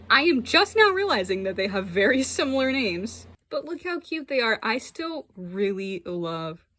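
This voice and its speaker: Flipping through her old sketchbook on camera, this young woman, an artist who vlogs, keeps things casual, lively and self-deprecating. She speaks in a fairly low voice, and there's slight hiss or hum.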